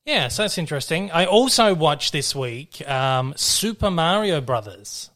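A man's voice: a little high, sing-song, a little slow, fairly bright tone. A man hosting a casual film chat, talking in a rambling, loose way, often restarting his sentences and swearing freely. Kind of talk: casual chat about films.

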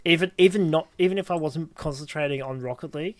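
A man's voice: on the high side, fast, no room sound. A young man co-hosting a casual podcast chat, laughing often and telling stories with animation. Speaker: podcast co-host.

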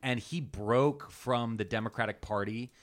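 A man co-hosting a casual podcast, telling political history in an animated way. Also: medium pitch, unhurried. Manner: animated storyteller, reads aloud in a put-on Southern drawl. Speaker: podcast co-host.

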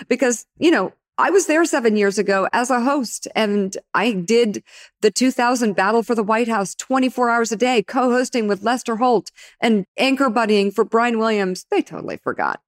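A woman's voice: a little high, normal speed, no room sound, studio quality. A middle-aged woman, a TV news anchor, telling her career story in a conversational interview and acting out the dialogue. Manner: animated, acts out quoted dialogue.

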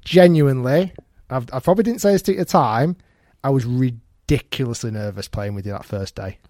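A man's voice: medium pitch, a little fast, no echo. Male podcast host, dry sound. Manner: animated storyteller, acts out quotes. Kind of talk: casual chat.

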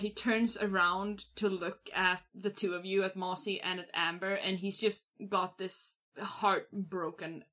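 Bright-voiced woman describing her character. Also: mid-range voice. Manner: vivid, laughing descriptions with fillers. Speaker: tabletop game player.

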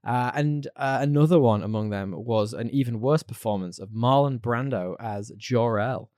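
A man's voice: mid-range voice, normal speed, darkish tone, no room sound. Chatty man on a dry podcast mic. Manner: chatty, laughs easily, playful. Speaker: podcast co-host. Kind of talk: casual chat.

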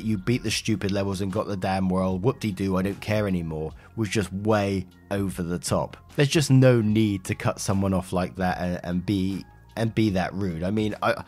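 A man reading an online post aloud and then chatting about it in a casual, conversational way. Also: lowish voice. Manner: chatty, conversational, with fillers and asides. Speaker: host reading and commenting on online posts.

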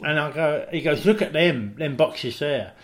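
A man's voice: fairly high pitch, lively intonation, moderate pace. A man co-hosting a comedy podcast, telling an improvised story and checking in with "right?". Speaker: podcast co-host.

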